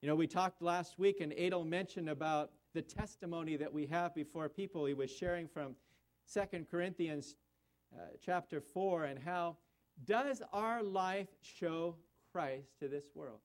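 A man's voice: on the high side, unhurried. A man preaching a sermon, earnestly quoting scripture and leading a closing prayer. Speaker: pastor.

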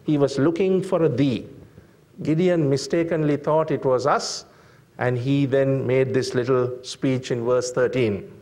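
A man preaching a sermon, slow and deliberate, with frequent fillers and emphatic rhetorical questions to the congregation. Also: medium pitch, steady tone, darkish tone.

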